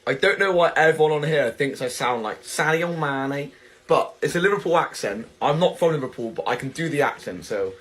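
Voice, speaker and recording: A man's voice: on the high side, animated, a little fast, a bit bright. A man speaking casually and matter-of-factly to his viewers, amused as he explains himself.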